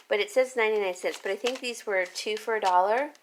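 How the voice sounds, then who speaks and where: A woman's voice: on the high side, steady tone, a little fast, hardly any pauses, a little hiss or hum. A woman vlogger chatting casually about a garden haul, rambling and correcting herself as she goes. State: hiccups. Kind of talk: casual chat.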